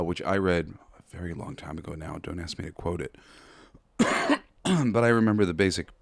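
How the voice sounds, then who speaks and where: A man hosting a podcast in a casual commentary style. He talks in an earnest, halting way, restarting often, and swears bluntly now and then. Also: low-pitched, no echo, clean studio sound. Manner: halting and tongue-tied, with frequent restarts. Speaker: podcast host.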